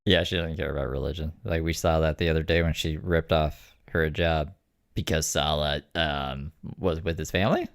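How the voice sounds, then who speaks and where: A woman's voice: very deep voice, steady tone, moderate pace, gravelly, no room sound, studio quality. A woman from Canada co-hosting a casual reaction show, wry and laid-back, often puzzled. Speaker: commentary co-host.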